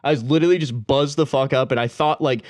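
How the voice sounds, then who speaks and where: A man's voice: mid-range voice, fast talker, darkish tone, dry recording, studio quality. A young man co-hosting a podcast, telling stories in a rambling, profane way, full of slang and laughter. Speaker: podcast co-host. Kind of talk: casual podcast storytelling.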